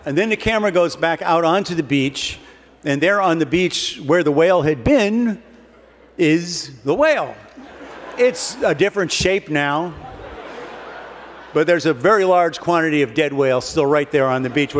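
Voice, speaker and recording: Speaking at normal speed in a voice on the high side, a man entertains an audience in a large hall with a humorous keynote, a long comic story delivered wry and dry. Expect long hall reverb and faint noise in the background.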